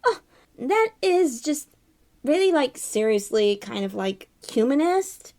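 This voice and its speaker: A woman's voice: high-pitched, sing-song, slow, darkish tone, heavily acted. A woman voicing a chatty elephant who reads a fairy tale aloud, full of "like" fillers. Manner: valley-girl "like" filler, chatty. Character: chatty excitable elephant, Dimple. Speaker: storyteller. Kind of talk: casual read-aloud storytime.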